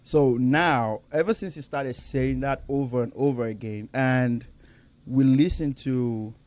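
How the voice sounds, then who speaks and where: A young man co-hosting a podcast, telling a story in animated, casual chat, swearing and laughing as he goes. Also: mid-range voice, a little slow. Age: young adult. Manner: animated storyteller, swears freely, laughs often, repeats himself. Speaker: podcast co-host.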